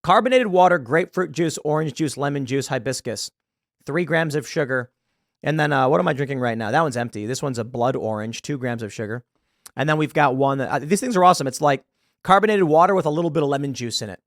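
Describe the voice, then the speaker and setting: Man, American, commentary host, ranting, animated, dry close mic. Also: mid-range voice, fast talker, no room sound. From United States. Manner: ranting, animated, laughs mid-sentence. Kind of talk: casual commentary.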